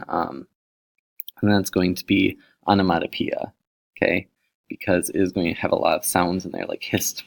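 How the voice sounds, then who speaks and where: Low gravelly male teacher. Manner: explanatory, reads poems aloud with many fillers. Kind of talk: recorded poetry lesson.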